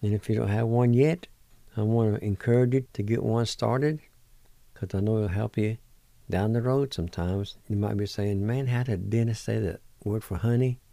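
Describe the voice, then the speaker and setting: A middle-aged man hosting a language lesson, spelling words letter by letter and repeating each one slowly. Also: fairly low pitch, vocal fry, warm tone, no echo. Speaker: radio host teaching words. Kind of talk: slow word-by-word language lesson.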